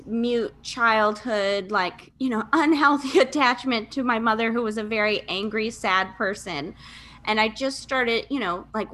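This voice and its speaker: A woman's voice: mid-range voice, sharp tone. A woman in her thirties from Michigan, a podcast guest telling her life story candidly in casual, chatty talk with fillers and laughs. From Michigan, USA.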